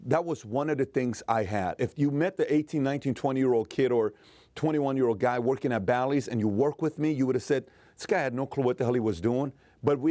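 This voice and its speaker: A man in his forties telling a personal story in an emphatic motivational talk, dropping to a soft, emotional tone. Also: medium pitch, no echo. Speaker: motivational speaker and host.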